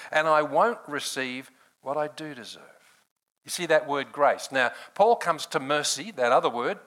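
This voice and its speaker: A man's voice: a little high, a bit bright, rough recording. An older man preaching a sermon in a conversational way, laughing often and calling on people in the room by name.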